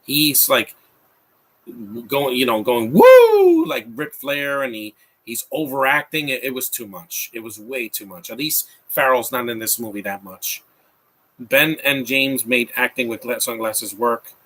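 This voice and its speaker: Bright-voiced man mocking a film. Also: mid-range voice, lively intonation, unhurried. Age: 30s. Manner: rambling, mocking asides with frequent restarts. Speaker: film commentator. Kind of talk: live movie commentary.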